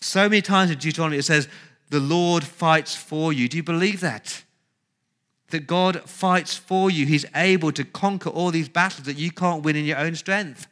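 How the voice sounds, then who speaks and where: Bright, emphatic male preacher. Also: a little high, normal speed. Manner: emphatic preaching with rhetorical questions and repetition. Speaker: pastor. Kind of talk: sermon.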